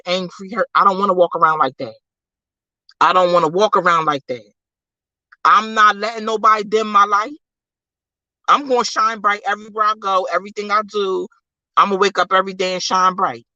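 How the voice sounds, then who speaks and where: Live-stream host, forceful faith pep talk, dry close sound, big swings from hushed low lines to loud high outbursts. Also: fairly even intonation, fairly quick, no room sound, highs cut off. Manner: preachy, emphatic, repeats phrases, calls listeners baby. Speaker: livestream host.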